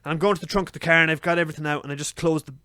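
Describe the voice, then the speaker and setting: A young man telling a story on a podcast, swearing freely and acting out his own frantic shouts. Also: fairly high pitch, steady tone, racing, no room sound, studio quality. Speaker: podcast co-host. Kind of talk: casual storytelling chat.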